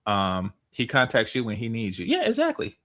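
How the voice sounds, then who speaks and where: A man's voice: mid-range voice, wildly swooping pitch, moderate pace, a bit bright. A man giving heated, profane commentary, repeating himself and swearing as he rants.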